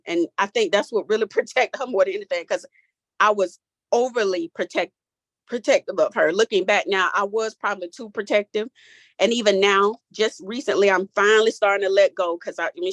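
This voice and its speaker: A woman in her forties speaks a little fast in a medium-pitched voice, sharing her personal story as a guest in a group talk. Candid, emotional and casual, with Southern-tinged speech, she holds back tears as her voice cracks. The audio has no echo.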